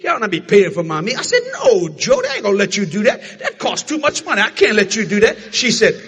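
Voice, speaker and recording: An older man from the American South preaching a sermon, telling folksy family stories with frequent shouting and laughter. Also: sits high, wildly swooping pitch, fast talker, slightly rough, big-room sound.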